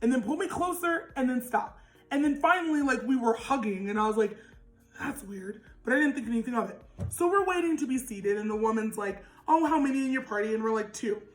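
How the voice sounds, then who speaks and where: A young woman with a naturally loud voice telling a storytime vlog, animated and laughing, with lots of "like". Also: fairly high pitch, fairly quick, echoey room, poor audio. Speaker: vlogger.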